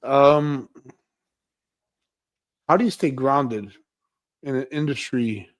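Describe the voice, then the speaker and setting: A man's voice: mid-range voice, slow. A man hosting a casual interview, giving brief affirmations and asking questions. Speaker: show host.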